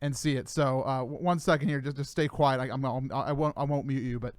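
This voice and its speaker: A man hosting a casual chat show, excitable and laughing often. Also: medium pitch, a little fast, no echo. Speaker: host.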